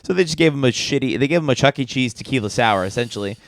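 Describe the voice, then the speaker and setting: Man, podcast co-host, rambling storyteller, smooth voice, dry close mic. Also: mid-range voice, lively intonation, racing, dry recording. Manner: rambling anecdote with filler words and laughs. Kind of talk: casual storytelling chat.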